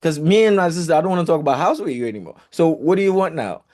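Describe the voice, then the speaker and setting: Male speaker for a real estate group, casual storyteller with a lively, rather high voice and a loose, profane delivery. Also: racing. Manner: animated, chatty, swears, fillers like blah blah.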